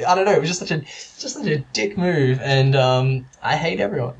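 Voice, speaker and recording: A man's voice: fairly high pitch, moderate pace, hardly any pauses. A man chatting casually about films, rambling with lots of fillers and restarts. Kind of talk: casual chat.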